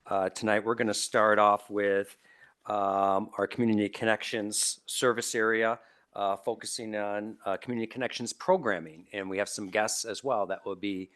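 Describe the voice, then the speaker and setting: A man with a lowish voice briefs a city board. He is polite and hesitant, and pauses often on 'uh' between phrases. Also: steady tone, fairly bright tone, smooth. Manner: polite, with many 'uh' fillers. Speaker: department staff lead. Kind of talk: meeting briefing. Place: city board meeting room.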